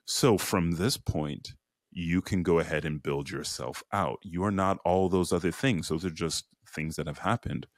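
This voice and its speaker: A man's voice: low voice, moderate pace, no room sound, studio quality. A man from Chicago, a podcast guest, telling a personal story earnestly and reflectively, voicing the inner questions he heard. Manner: earnest, lively retelling with quoted inner voices.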